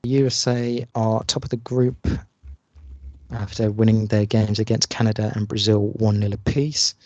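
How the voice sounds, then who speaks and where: A man's voice: lowish voice, level tone, normal speed, a little mellow, no echo, muffled recording. A man co-hosting a football podcast, running through the news with lots of hesitant "uh" fillers. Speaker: podcast co-host.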